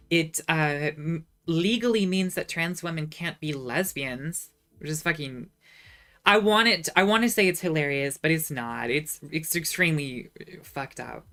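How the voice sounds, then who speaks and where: A woman's voice: deep voice, a little slow, a bit bright. A woman chatting casually on a livestream, reading chat messages and answering with sarcastic asides. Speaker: streamer reading live chat.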